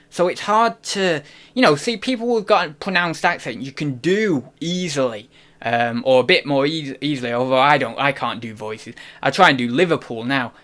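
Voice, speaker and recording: A man's voice: on the high side, a bit bright. A young man chatting casually on a live stream, rambling and cutting himself off mid-sentence as he jokes. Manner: rambling, self-interrupting, jokey. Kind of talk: casual livestream chat. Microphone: desk microphone.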